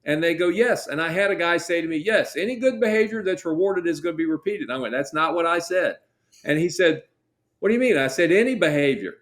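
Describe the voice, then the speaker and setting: A man's voice: a little high, quick pace, a bit bright. A middle-aged man, a guest dog trainer, explaining in casual interview chat and acting out client dialogue as he tells stories. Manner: storytelling, acts out client dialogue.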